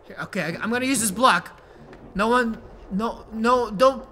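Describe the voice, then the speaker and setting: High-pitched excitable gaming YouTuber man. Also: moderate pace. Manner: excitable, yelps and shouts when startled. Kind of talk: let's-play commentary.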